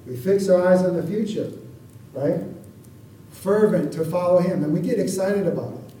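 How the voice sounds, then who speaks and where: A man's voice: high voice, moderate pace, mellow, slight background noise. A man preaching a sermon in a conversational way, often asking the congregation for an amen. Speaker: pastor. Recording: echoey room, voice from far off the mic.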